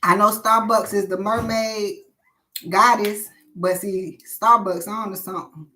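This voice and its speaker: A woman's voice: medium pitch, steady tone, measured pace, sharp tone, a little hiss or hum. A woman hosting a live stream, ranting bluntly and preachily with lots of swearing.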